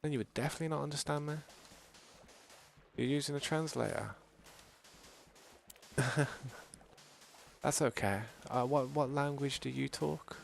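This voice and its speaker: Gravelly Brummie man chatting on stream. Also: medium pitch, steady tone, a little slow, pauses often, a little hiss or hum. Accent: Birmingham English. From England. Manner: rambling, chatty, reads chat messages aloud. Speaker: gaming streamer. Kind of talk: casual live-stream chat.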